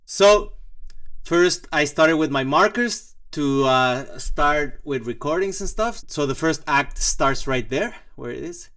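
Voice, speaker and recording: A man's voice: a little high, lively intonation, slow pace, fairly bright tone. Rambling, joking male composer vlogger. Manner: rambling and joking, with many fillers and mock asides. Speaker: composer and channel host. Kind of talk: casual walkthrough vlog.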